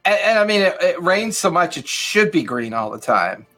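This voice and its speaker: A man's voice: sits high, sing-song, normal speed, pushed and bright, faint music behind. A man co-hosting a podcast in casual chat, rambling and leaning on "you know". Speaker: podcast co-host.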